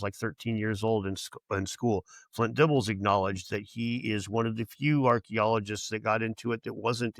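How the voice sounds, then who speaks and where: A man's voice: lowish voice, vocal fry, dry recording. A man speaking as a podcast guest in casual chat, rambling and profane, with many restarts and quoted voices for other people.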